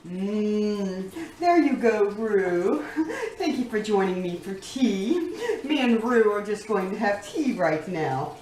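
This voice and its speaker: Her medium-pitched voice has a darkish tone as she giggles and addresses her pets while baking for a casual kitchen vlog. Sound comes from an echoey room, a little far from the microphone, with slight background noise.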